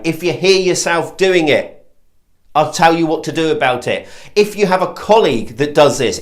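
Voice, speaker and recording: A man teaching sales persuasion in an instructional video, direct and emphatic, acting out tones of voice as examples. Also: on the high side. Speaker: sales trainer.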